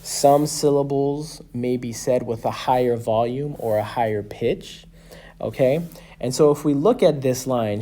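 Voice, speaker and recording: A man's voice: medium pitch, measured pace, warm tone. A man in his thirties teaching a class, patiently explaining and often checking in with "okay?" or "right?". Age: 30s. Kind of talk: classroom lecture.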